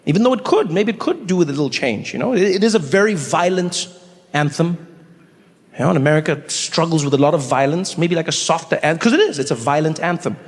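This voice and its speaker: A man from South Africa performing a stand-up comedy routine, animated and acting out angry crowds in a raised voice. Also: fast. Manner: animated, acts out shouting crowds in a high voice. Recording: live hall with reverb and faint ambience.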